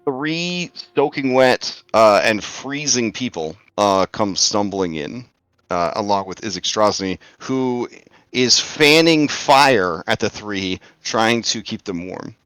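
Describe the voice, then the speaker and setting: A man's voice: on the low side, lively intonation, takes it slowly, a bit bright, clear, resonant tone, no room sound. A young man narrating as game master of an online tabletop game, thinking aloud with many fillers.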